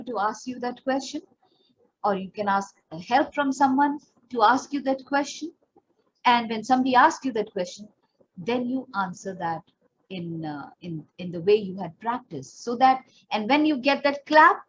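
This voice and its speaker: A woman's voice: a little high, moderate pace, slight background noise. A woman with an Indian accent, a pageant coach giving earnest, encouraging advice straight to her viewers. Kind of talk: instructional talk to camera. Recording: slightly dull recording.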